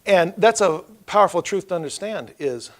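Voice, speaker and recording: A middle-aged man, preaching a loose, storytelling sermon in church that swells loud and then drops low. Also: lively intonation, moderate pace. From Oklahoma. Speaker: pastor. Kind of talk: conversational sermon.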